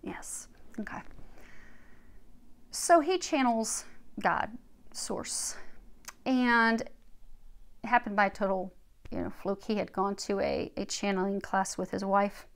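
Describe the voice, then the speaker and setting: A woman, a spiritual healer, talking casually and animatedly before reading aloud from a book, with soft murmured asides. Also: mid-range voice, expressive, slow, pauses often.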